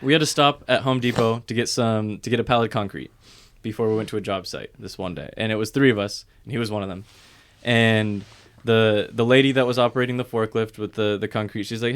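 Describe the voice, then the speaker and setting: A man's voice: lowish voice, normal speed. Profane young man telling a work story. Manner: animated, profane, acts out quotes. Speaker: podcast co-host. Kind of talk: casual storytelling chat.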